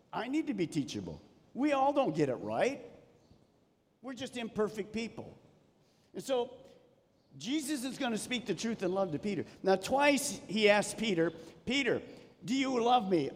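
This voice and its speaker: A man preaching a sermon as a pastor, animated, dropping to soft emphasis on key points. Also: high voice. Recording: long reverb of a church hall.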